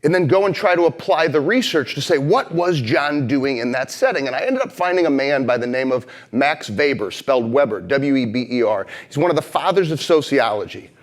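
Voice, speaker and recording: A man in his thirties from St. Louis, delivering a motivational keynote on stage and telling stories with swings from heated and loud to hushed and slow. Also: medium pitch, animated. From St. Louis, Missouri. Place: conference stage before a live audience.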